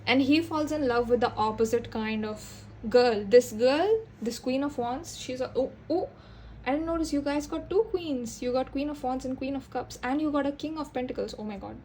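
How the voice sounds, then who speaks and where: A young woman doing a casual tarot reading, rambling and halting, often restarting her sentences. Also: high voice, a little mellow, a little hiss or hum. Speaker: tarot reader.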